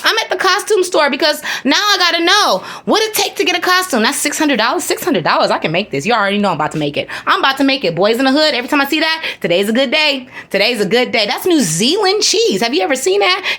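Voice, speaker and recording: A woman's voice: sits high, pushed and bright. A woman from the United States narrating a casual travel vlog, chatty and playful, with slangy asides to her viewers. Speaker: travel vlogger.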